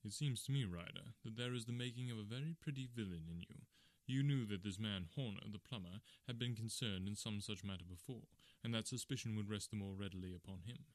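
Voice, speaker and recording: Man as Sherlock Holmes, stern and quiet. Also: lowish voice, a little fast, few pauses, no room sound, lightly acted. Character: calm, stern middle-aged male detective. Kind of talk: audiobook character reading.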